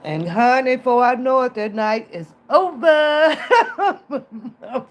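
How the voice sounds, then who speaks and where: A reaction streamer with a high voice speaks slowly while telling a story in casual chat. She's animated, acting out the voices of the people she quotes and laughing often.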